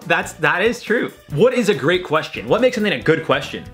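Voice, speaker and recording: A man's voice: on the high side, big pitch swings, fairly quick, hardly any pauses, a bit bright, faint music behind. A young man hosting a casual reaction video, rambling and swearing through his commentary. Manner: chatty, swearing, rambling with lots of likes. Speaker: host.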